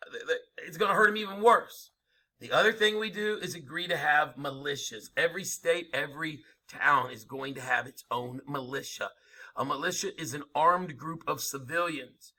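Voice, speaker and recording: A man's voice: medium pitch, bright, forceful tone. A man lecturing a history class, emphatic and informal, asking rhetorical questions as he goes. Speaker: history teacher.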